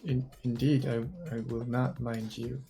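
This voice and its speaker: A man playing a tabletop game, speaking quietly. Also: mid-range voice, little pitch movement, measured pace, creaky, soft background music. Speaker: player.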